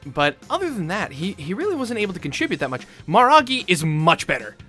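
A woman hosting a let's play, giving casual gameplay commentary in an expressive, jokey way and getting spooked easily. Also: on the low side, brisk, faint music behind.

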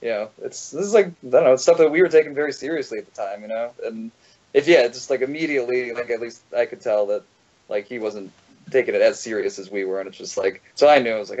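A man, a drummer being interviewed, speaking haltingly with many fillers in casual chat. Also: mid-range voice, a little mellow. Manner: halting, full of "like" and "you know". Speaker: drummer, guest. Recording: muffled lo-fi podcast recording.

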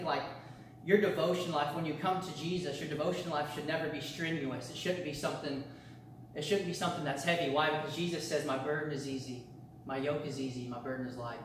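A man's voice: a little high, a little hiss or hum. A male pastor teaching a church discipleship class, earnest and repetitive, often restarting his phrases. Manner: earnest, repetitive preaching cadence with frequent restarts. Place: church meeting room. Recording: very echoey room, mic far off.

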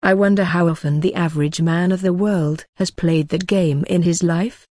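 A woman reading the part of a drunk, rambling gentleman who speaks in an oily, ornate way in an audiobook. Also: fairly low pitch, fairly even intonation, normal speed, a little hiss or hum, close to an everyday voice. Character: drunk rambling older gentleman, sly and mocking.

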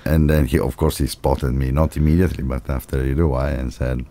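A man with an Italian accent, an Italian native speaker, telling stories as a guest in a casual interview; a lively storyteller who acts out dialogue and laughs often. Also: very deep voice, fast talker. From Italy. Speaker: martial arts teacher, podcast guest.

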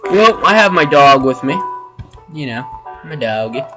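A man giving casual gameplay commentary, chatting to viewers with sudden loud exclamations and sarcastic asides. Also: medium pitch, expressive, unhurried, over music. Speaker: let's play gamer.

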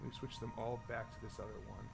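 A man's voice: medium pitch, fairly even intonation, racing, creaky, over loud music. A man hosting a casual gaming stream, swearing freely while he fiddles with his audio settings. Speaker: streamer host.

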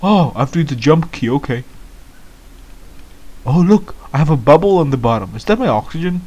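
A man giving excitable, baffled gameplay commentary as a first-time gamer, laughing often. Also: fairly high pitch, brisk, dull audio.

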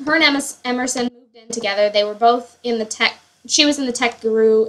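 A woman's voice: on the high side, fast talker, hardly any pauses, a bit bright, slight background noise, poor audio. A young woman giving casual, rambling commentary on her Sims family, full of fillers and self-corrections. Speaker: Sims player.

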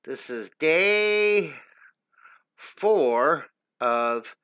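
A man's voice: on the high side, expressive, drawn-out words, clear, resonant tone, highs cut off. A middle-aged man hosting a live drawing lesson, chatting upbeat and encouraging with his viewers as he draws. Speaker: drawing teacher and host.

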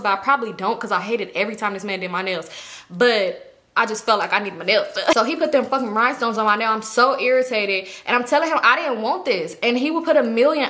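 A young woman telling a story in a casual, animated, profane way, acting out what people said. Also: on the high side. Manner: animated, profane, acts out quoted voices. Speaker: storytime vlogger.

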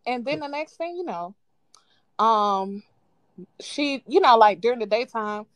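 A woman calling in to a live show, casually telling a childhood story with lively quoted voices and frequent laughs. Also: a little high, measured pace, dry recording. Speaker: caller. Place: at home on a live call. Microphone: phone.

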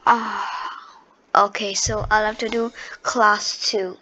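Slow, casual woman talking through a tutorial. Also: mid-range voice, level tone, bright, forceful tone. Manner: chatty, loose and unpolished, with many fillers and restarts. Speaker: tutorial host. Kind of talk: casual screen-recorded tutorial. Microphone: computer microphone.

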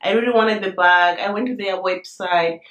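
A woman hosting a casual unboxing vlog, excited and chatty, often saying "you guys", her voice a little hoarse from a cold. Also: mid-range voice, moderate pace, echoey room. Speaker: vlogger reviewing a handbag.

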